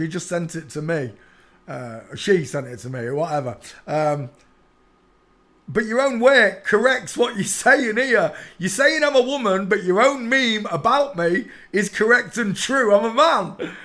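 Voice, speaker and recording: A man's voice: sits high, fairly bright tone. A man giving a casual, mocking rant over pictures as an online commentator, breaking into laughter and chanting phrases over and over.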